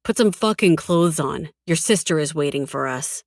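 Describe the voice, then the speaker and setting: A woman's voice: low-pitched, animated, moderate pace, no room sound, clean studio sound. A woman voicing a cold, blunt young mafia man who swears and demands answers. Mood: harsh. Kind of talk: audiobook dialogue.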